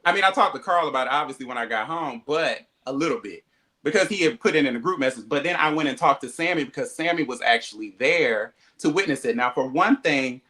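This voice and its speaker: A man's voice: medium pitch, pushed and bright. A man animatedly telling a story, acting out quoted dialogue, with frequent swearing. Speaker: reality show cast member.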